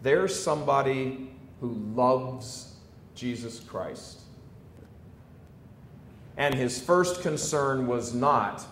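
An American man in his fifties gives an emphatic preaching talk to a live audience. He swings between loud declarations and quiet storytelling. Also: very slow, pauses often. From United States. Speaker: Catholic speaker addressing an audience. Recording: echoey room, faint low rumble.

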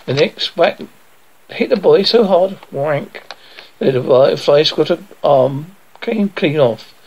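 A man's voice: on the high side, animated, slow, darkish tone, breathy edge, muffled recording. A man reading a children's adventure story aloud, voicing the sound effects theatrically. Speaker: storyteller reading his book.

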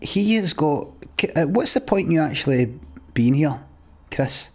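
Playing a game on stream, a young man chats casually and vents at his viewers with lots of swearing and mock exasperation. His voice is a little high and husky, animated yet unhurried.

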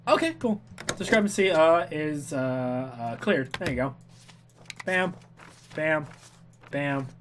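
This man's voice sits a little high, with lively intonation and a slow pace over slight background noise. He's a let's player giving goofy, chatty gameplay commentary, talking back to the game characters and humming and singing to himself.

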